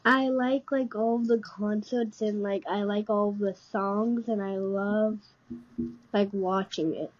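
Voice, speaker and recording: Hesitant woman, very slow, short answers, dull remote sound. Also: mid-range voice, steady tone, faint music behind. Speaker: podcast guest. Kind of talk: casual interview chat.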